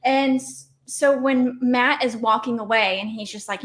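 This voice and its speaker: A woman's voice: fairly high pitch, measured pace. A woman co-hosting a casual livestream with her husband, speaking candidly and acting out quotes with animation. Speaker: co-host. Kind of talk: casual couple's livestream talk.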